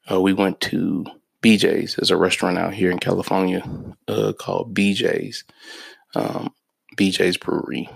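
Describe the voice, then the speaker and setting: A low-voiced man in his thirties with a gravelly, fry-heavy edge, hosting his own podcast. He tells his stories in a loose, joking, laid-back way, swearing freely. The sound is close and dry. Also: no room sound. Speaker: podcast host. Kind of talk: casual solo podcast storytelling.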